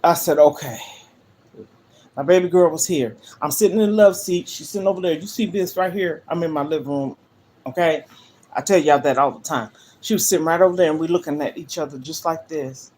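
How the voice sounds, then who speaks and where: A woman's voice: low-pitched, brisk, warm tone, a little hiss or hum. An older woman hosting a livestream from her living room, talking to viewers in an earnest, emphatic way. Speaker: livestream host. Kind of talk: emotional livestream monologue. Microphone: phone livestream.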